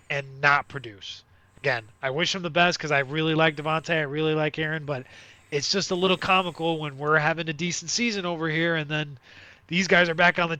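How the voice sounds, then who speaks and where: A man's voice: fairly high pitch, pushed and bright, no echo. A man co-hosting a casual sports podcast, rambling with lots of fillers and restarts. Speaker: podcast co-host.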